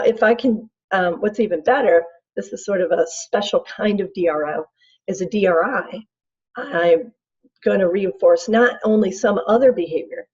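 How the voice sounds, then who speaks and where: A woman's voice: mid-range voice, warm tone, breathy edge, dull audio. A middle-aged woman instructor giving a casual, chatty recorded lecture and acting out her examples.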